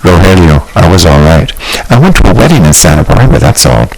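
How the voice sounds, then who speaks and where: A man reading an audiobook, voicing a gentle, earnest adult woman in a raised, soft voice. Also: low-pitched, sing-song, brisk, vocal fry, a little hiss or hum, heavily acted, poor audio. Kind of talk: audiobook character voice.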